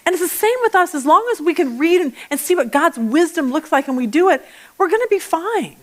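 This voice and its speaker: A woman teaching a Bible study lesson in a chatty, animated way, telling personal stories and often restarting her sentences. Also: extremely high pitch, fairly quick. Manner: acts out everyday voices mid-talk.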